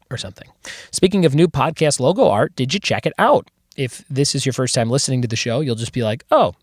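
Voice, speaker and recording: A man hosting a podcast, his voice hoarse, chatting casually and upbeat with lots of fillers. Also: mid-range voice, no echo, clean studio sound. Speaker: podcast host. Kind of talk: casual chat.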